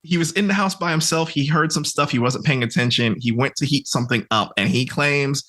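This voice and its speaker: A young man guesting on a podcast, telling a story in an animated, profane way and laughing as he acts out what others said. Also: mid-range voice, a little fast. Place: podcast recording.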